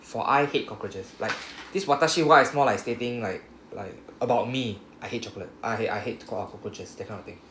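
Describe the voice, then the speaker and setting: A man's voice: on the low side, fairly quick, fairly bright tone. Man teaching in a roomy classroom. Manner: patient, repetitive, checks understanding with "right?". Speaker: Japanese language teacher. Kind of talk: classroom grammar explanation. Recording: roomy classroom echo, faint hum.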